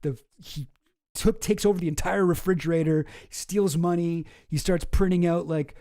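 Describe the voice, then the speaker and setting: A man's voice: on the high side, fairly even intonation, normal speed, warm tone, dry recording, studio quality. A man hosting a show, ranting in casual commentary with lots of swearing and exasperation. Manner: profane, exasperated. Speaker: host.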